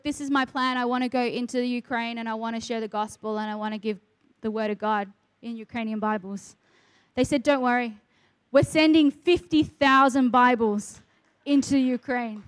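Speaking in a fairly high pitch on a dry recording, this middle-aged ministry worker tells an earnest faith story in conversation. She voices the words of the people she describes.

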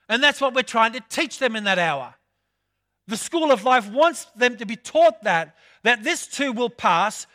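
Older man, preacher, high-pitched voice, bright tone, storytelling sermon, repeats phrases for emphasis.

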